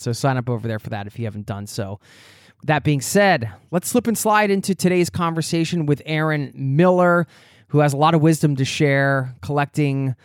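Chatty guy hosting a podcast, kinda high voice, dry sound. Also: no room sound. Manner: enthusiastic, chatty. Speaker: podcast host.

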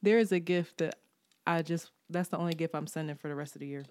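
A woman co-hosting a podcast, telling stories in a casual chat, animated and laughing often. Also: deep voice, fast talker, smooth. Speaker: podcast co-host.

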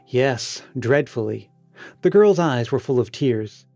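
A man voicing an earnest, sentimental elder sister while reading an audiobook, in a gentle manner. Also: mid-range voice, animated, slow, dry recording, faint music behind. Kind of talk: read-aloud dialogue in an audiobook.

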